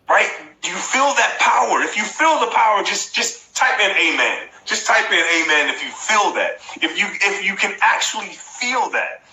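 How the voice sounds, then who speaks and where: A man's voice: high voice, big pitch swings, moderate pace, hardly any pauses, bright, forceful tone, a little hiss or hum. A man in his forties giving a motivational live-stream talk, repeating phrases emphatically and coaching his viewers directly. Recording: echoey room.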